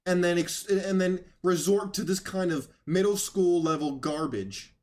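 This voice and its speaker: A man's voice: high voice, unhurried, darkish tone. A man hosting casual political commentary, sarcastic and rambling, who mocks others by putting on voices. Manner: rambling, with restarts.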